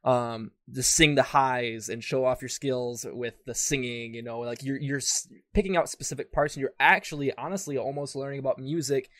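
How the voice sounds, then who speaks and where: A man's voice: medium pitch, normal speed, hardly any pauses, no echo. Young man, casual podcast chat, eager, loses his thread, dry close sound. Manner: enthusiastic, loses his train of thought. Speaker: podcast co-host.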